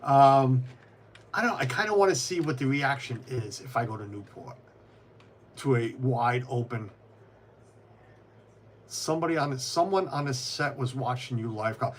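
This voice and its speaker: A man's voice: medium pitch, expressive, moderate pace, pauses often, slight background noise. A man on a casual live stream, rambling with many restarts, answering viewers by name and muttering to himself as he builds. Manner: mutters to himself while fiddling with pieces. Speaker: livestreamer.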